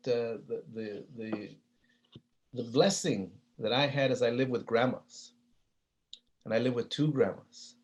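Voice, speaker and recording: A man's voice: mid-range voice, darkish tone. Humble storytelling man at a keynote. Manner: hesitant, with many fillers and restarts. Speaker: keynote speaker.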